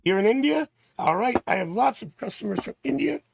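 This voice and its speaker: Guy doing a tarot livestream, kinda high voice w some gravel, chats w viewers, lots of uh and um. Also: expressive, fairly quick, background noise. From Canada. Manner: chatty, reads chat aloud, thinks out loud with fillers. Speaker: tarot reader and livestream host. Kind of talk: live-stream card reading, chatting with viewers.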